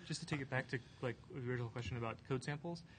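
A man's voice: medium pitch, background noise. A man on a conference panel, a developer answering with many fillers and restarts. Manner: halting, heavy fillers.

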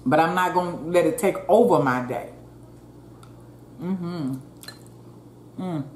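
This woman's fairly low, slightly mellow voice moves slowly, with frequent pauses. She's hosting a mukbang, chatting homily with viewers and murmuring "mm" while chewing. The space sounds roomy, with faint ambience.

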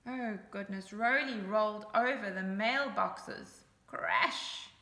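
A woman reads a children's picture book aloud, stopping often to point things out to her young listeners. She takes her time, and her voice has a bright, forward edge with a gravelly fry underneath. The room around her sounds echoey. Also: on the high side, slow pace. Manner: animated, chatty asides to young listeners. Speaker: storybook reader. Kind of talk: children's story read-aloud.

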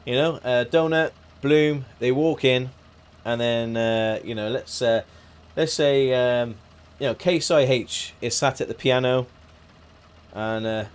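A man's voice: medium pitch, takes it slowly, a little hiss or hum. A man chatting casually on a live game stream, joking, laughing and thanking viewers by name.

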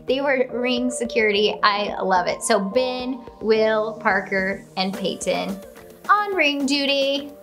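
Bubbly high-voiced woman gushing. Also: lively intonation, takes it slowly, a bit bright, faint music behind. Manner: gushing and bubbly, with gasps and laughs. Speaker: host reacting to her own wedding video. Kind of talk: casual reaction commentary.

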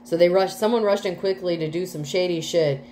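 A woman's voice: on the low side, a little fast, mellow, slight background noise, rough recording. A woman doing a casual tarot reading, chatty and full of fillers, with some casual swearing. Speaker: tarot reader.

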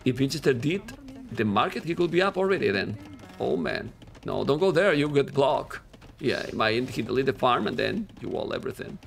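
Excitable male esports caster. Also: mid-range voice, fairly quick, creaky, a little hiss or hum. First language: Spanish. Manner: excitable, animated casting voice, non-native grammar. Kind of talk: live game commentary.

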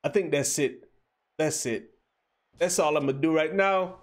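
A man's voice: on the high side, unhurried. A young man hosting a livestream, giving casual gameplay commentary and teasing his chat in a playful, joking way. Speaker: livestream host.

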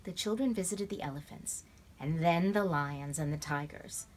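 Expressive female storybook reader, lowish voice. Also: moderate pace. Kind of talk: reading a children's novel aloud. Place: at home in bed.

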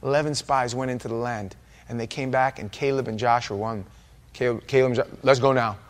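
A man's voice: mid-range voice, steady tone, brisk. A man preaching an informal Bible-study sermon in a church, chatty and joking with his congregation. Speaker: pastor. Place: church sanctuary.

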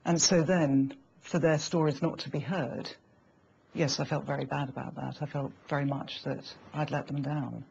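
Brief: interviewee, gravelly voice, hesitant and reflective, light hiss behind. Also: mid-range voice, fairly even intonation, moderate pace, darkish tone. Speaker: former programme journalist interviewed. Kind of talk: interview answers. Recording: slightly dull, faint background hiss.

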